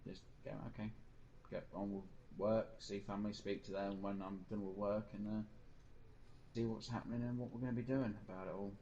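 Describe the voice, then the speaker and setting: A man's voice: fairly low pitch, level tone, a little fast, warm tone, dull audio, slight background noise. A man streaming a game, rambling through a personal story in casual chat and mimicking other people's lines. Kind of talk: casual chat while gaming.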